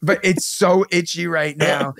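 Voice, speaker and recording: A man, chatting casually on a podcast. His voice is high for a man and full of gravel, and the sound is dry and close to the mic. He tells his stories with animation and imitates the people in them. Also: a little slow, no room sound. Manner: animated, acts out quoted voices in a vivid retelling. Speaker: podcast host. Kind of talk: casual storytelling chat.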